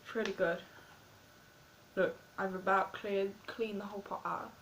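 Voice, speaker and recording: A woman's voice: mid-range voice, fairly even intonation, normal speed, fairly bright tone, a little hiss or hum, low-quality recording. A woman with an English accent, chatting in a rambling, self-mocking way as she vlogs. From England. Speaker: vlogger. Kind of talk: casual food-tasting vlog.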